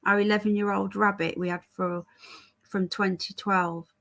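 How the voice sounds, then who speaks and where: A woman's voice: medium pitch, level tone, moderate pace, fairly bright tone. A British woman hosting a casual livestream, talking in a rambling way and answering viewer messages as they come in. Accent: British English. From Britain. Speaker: livestream host. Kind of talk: casual livestream chat reading viewer comments.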